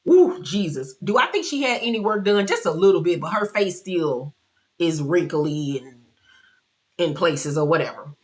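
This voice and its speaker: A woman giving a casual recap of a reality TV episode, loud and brash with slang and swearing, often laughing and jumping high in pitch for mock outrage. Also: normal speed. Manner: animated, loud, with frequent laughter.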